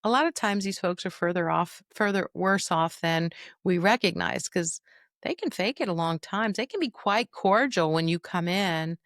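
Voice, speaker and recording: A woman's voice: on the low side, moderate pace, no echo. Folksy woman coaching caregivers, dry close sound. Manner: lively, folksy, coaching the listener directly. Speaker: dementia caregiver and trainer. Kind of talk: podcast teaching monologue.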